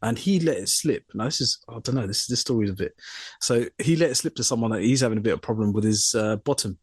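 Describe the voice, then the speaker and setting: A young podcast co-host with a lowish, slightly rough voice talks fast, captured in a dry, clean studio recording. Casually telling a comic story from his job, he acts out the people involved and mimics their voices.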